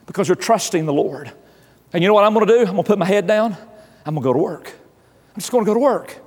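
A man's voice: high voice, expressive, quick pace, a little mellow, breathy edge, in a large hall. A male pastor delivering an earnest sermon in a church, often repeating his phrases. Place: church sanctuary.

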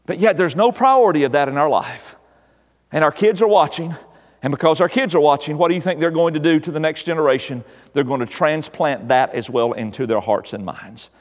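A man's voice: a little high, a little fast, big-room sound. An older man preaching a sermon as pastor, his delivery swelling and dropping in volume. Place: church.

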